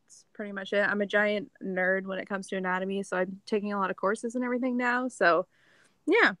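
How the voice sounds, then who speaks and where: A woman's voice: medium pitch, steady tone, brisk, a bit bright, dry recording, rough recording. A woman with a Canadian accent, a podcast guest chatting casually, full of "like" fillers. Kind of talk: casual chat.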